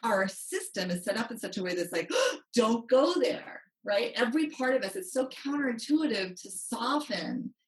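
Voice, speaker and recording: A woman's voice: a little high, lively intonation, moderate pace, hardly any pauses. A woman money coach, a guest on a podcast, telling a story animatedly and acting out quotes. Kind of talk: interview storytelling. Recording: roomy, distant from mic.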